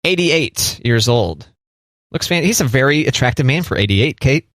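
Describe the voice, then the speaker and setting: A man co-hosting a podcast in casual chat, teasing with deadpan jokes. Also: medium pitch, moderate pace, no room sound, clean studio sound. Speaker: podcast co-host.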